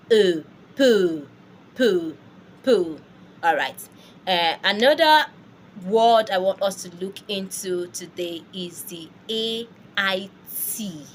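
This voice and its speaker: Woman language teacher, slow unhurried delivery, patient repeat-after-me drills, faint hum behind. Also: on the low side, a bit bright. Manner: patient, repeats words for learners to echo. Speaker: French teacher. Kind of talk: language lesson.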